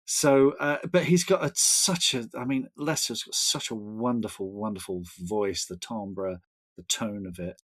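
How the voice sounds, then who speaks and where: A man's voice: fairly low pitch, measured pace, a bit bright. A man, chatting as a podcast guest, enthusiastic and rambling with frequent restarts. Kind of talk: casual chat.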